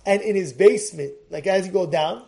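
An excitable man with a strikingly high voice, teaching a Torah lesson. He restarts and repeats phrases and keeps bursting into shouts to drive his point home. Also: a little fast, creaky. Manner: excitable, often breaks into shouting.

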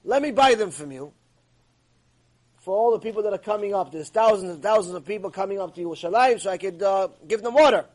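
A devout, generous benefactor, played by a man telling the story, who speaks earnestly and pleads in prayer. The voice is high for a man and sincere. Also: animated, quick pace, a little mellow, low-quality recording. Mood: persuading.

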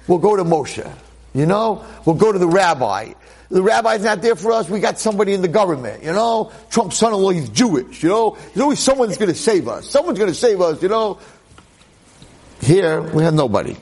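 A man giving a storytelling Torah lecture as a rabbi, dramatic and conversational, swinging from hushed lines to excited exclamations. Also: high-pitched, slightly rough. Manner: conversational, with frequent asides.

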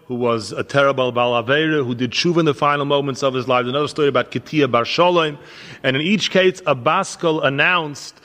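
A man's voice: fairly high pitch, a bit bright. A man, a rabbi, giving a spoken lecture, telling stories as a teacher and pressing earnest questions. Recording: long hall reverb.

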